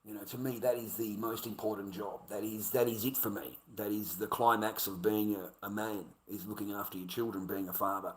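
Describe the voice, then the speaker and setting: A man's voice: on the low side, steady tone, brisk, hardly any pauses. An Australian man livestreaming a heated, profane rant, repeating himself as he speaks. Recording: roomy echo.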